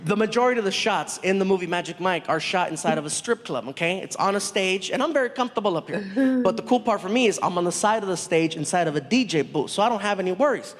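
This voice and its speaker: Guy doing stand-up, high voice that swings all over, shouty bits, echoey live hall. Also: quick pace. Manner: animated, acts out characters and shouts punchlines. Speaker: stand-up comedian. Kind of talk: stand-up storytelling. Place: live theater stage before an audience. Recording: live hall recording with reverb.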